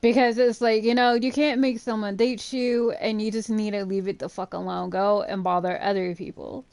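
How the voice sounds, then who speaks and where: A woman chatting casually and telling a story while playing a game. She speaks in an animated way, swears freely and fills her speech with "like". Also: mid-range voice, normal speed, no echo. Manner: chatty, profane, animated retelling with frequent "like". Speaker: gaming channel host. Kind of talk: casual storytelling over gameplay.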